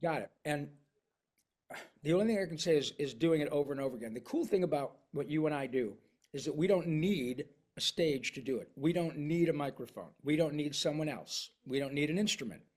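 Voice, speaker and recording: A male voice actor talking casually in an interview. He is animated and keeps breaking into quick voices and dialects to illustrate what he means. His voice sits a little higher than most men's.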